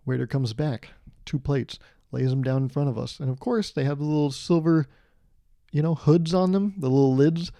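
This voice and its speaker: A man with a gravelly, mellow voice spins a rambling comic story on his podcast, stacking up details toward a pun. The sound is dry and close. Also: fairly high pitch, normal speed, no room sound. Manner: jokey, building a long setup to a pun. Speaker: podcast host. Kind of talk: comedic storytelling monologue. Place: California.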